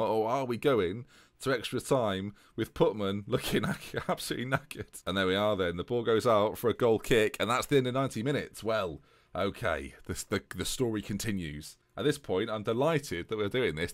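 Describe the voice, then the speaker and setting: A man's voice: lowish voice, no room sound. A young man giving chatty, jokey play-by-play commentary on a football management game.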